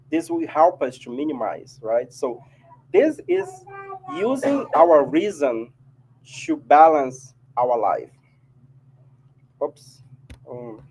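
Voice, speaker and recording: A man's voice: a little high, warm tone, a little hiss or hum, rough recording. A man with a Brazilian Portuguese accent giving a casual spiritual talk to an audience, often adding "right?". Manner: chatty, keeps asking "right?". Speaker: spiritist speaker. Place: meeting hall of a spiritist society.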